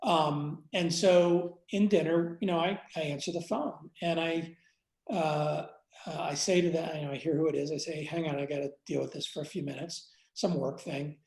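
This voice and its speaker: Gravelly man telling a candid story. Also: on the high side, steady tone, darkish tone, reverberant, rough recording. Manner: reflective, halting, many fillers and restarts; blunt, casual swearing. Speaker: interview guest, entrepreneur and investor.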